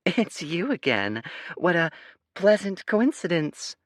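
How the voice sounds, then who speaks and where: A man voicing a young female spy who puts on a fake, high, sing-song voice to seem a meek servant. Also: big pitch swings, takes it slowly, fairly bright tone, dry recording, studio quality, full character voice. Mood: meek, pleading. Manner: pleading, meek. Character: young woman spy feigning shy servant.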